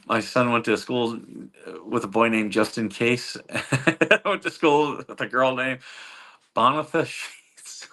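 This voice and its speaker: This middle-aged livestream host reads chat and talks casually with viewers, rambling through stories with lots of chuckles and fillers. His medium-pitched voice is bright and forceful, slow, with long pauses.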